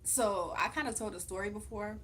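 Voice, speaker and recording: A woman's voice: mid-range voice, fairly quick, a bit bright. Young woman, casual livestream chat, chatty, laughs a lot, reads comments aloud, faint hum behind. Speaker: livestream host.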